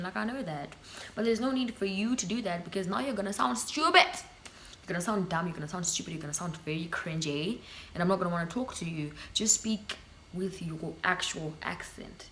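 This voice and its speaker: A woman's voice: fairly low pitch, slight background noise. Sassy Zimbabwean woman vlogger. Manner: sassy, animated, switching into Shona. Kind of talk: casual sit-down commentary.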